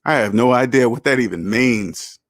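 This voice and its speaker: A man of medium pitch runs a personal finance livestream at a moderate pace, delivering emphatic lectures laced with rhetorical questions while he answers chat. The audio is clean studio sound with no echo.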